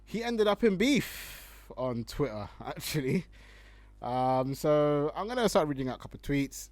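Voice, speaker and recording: Animated young man, casual slangy talk. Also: on the high side, moderate pace, dry recording. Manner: slangy and animated, laughing often. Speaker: online commentary host. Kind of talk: casual commentary, reading tweets aloud.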